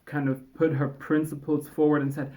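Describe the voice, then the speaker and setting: A woman's voice: low voice, flat delivery, normal speed, warm tone. A young woman in casual chat, sarcastically reviewing a book and reading quotes aloud with mock drama.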